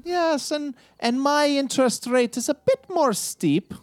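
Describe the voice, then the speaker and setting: A man voicing a smooth, menacing male loan shark who talks slowly and silkily. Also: very high voice, expressive, dry recording, pitched above the performer's own voice. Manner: slow, silky, threatening.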